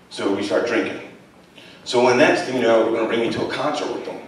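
A man's voice: medium pitch, fast, a little hiss or hum. Profane storytelling man in echoey hall. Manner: blunt, profane, streetwise, laughs through stories. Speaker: guest speaker. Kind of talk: storytelling talk to students. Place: college lecture hall. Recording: echoey hall, distant mic.

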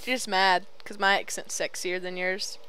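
A woman's voice: on the low side, flat delivery, a little slow, pushed and bright, clean tone, rough recording. A young woman chatting casually over a voice call while playing a game, teasing her friend and taunting enemies on screen. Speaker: gamer recording a let's play.

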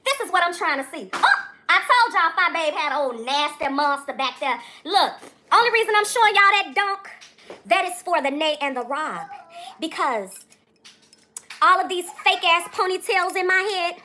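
A woman with a very high, bright voice that swoops up and down as she talks. She chats with her livestream audience in a theatrical, sassy way, and her exclamations are drawn out. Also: lively intonation, moderate pace, a little hiss or hum. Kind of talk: livestream chat.

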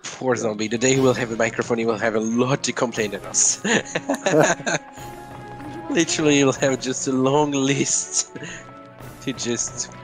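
A man's voice: medium pitch, unhurried, soft background music. A man playing an online game with friends, joking and laughing in casual chat. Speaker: co-player.

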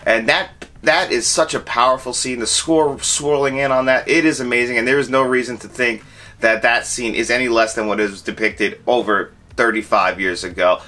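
A young adult man talks through a film review in a casual, chatty way. His voice has a bright, forceful edge. He gets animated and acts out his own reactions as he goes. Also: medium pitch.

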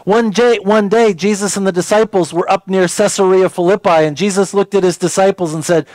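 A man, a pastor giving a conversational sermon that turns to slow scripture reading. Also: sits high, steady tone, a little mellow, dry recording. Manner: conversational, folksy preaching with repeated words; slows down to read scripture aloud.

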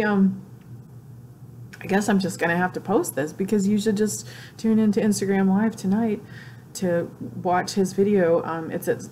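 A woman vlogging in an emotional, gushing way, tearful and crying as she talks with excited exclamations. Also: medium pitch, a little hiss or hum. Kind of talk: emotional casual vlog.

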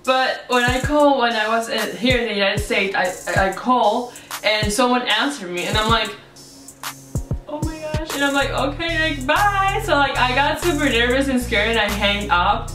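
A woman's voice: on the high side, moderate pace. Chatty young woman vlogger, roomy sound. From Venezuela. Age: young adult. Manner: chatty, frequent "like" fillers, animated quoted reactions. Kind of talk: casual storytelling to camera. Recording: roomy echo, mic at a distance, music behind.

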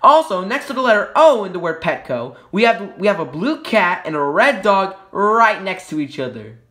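A man with a bright, animated voice that swings widely in pitch, running a casual logo history commentary. He jokes around and corrects himself with quick apologies. The sound is roomy, with a clear echo around him. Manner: playful and jokey, self-correcting with quick apologies. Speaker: YouTube logo history host.

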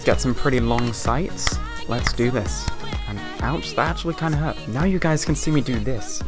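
A man giving chatty, excitable gameplay commentary at home, leaning toward a mic set below him. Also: medium pitch, normal speed, faint music behind. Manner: excitable, chatty, exclaims at the game. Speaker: gaming video creator. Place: home room with TV and a hot light. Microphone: mic placed below him, leans in.

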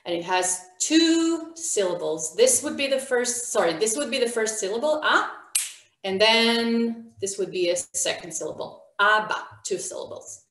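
A woman's voice: medium pitch, echoey room. Encouraging woman teaching online. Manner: encouraging, questions students by name. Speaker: Hebrew teacher. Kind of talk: online beginner language class.

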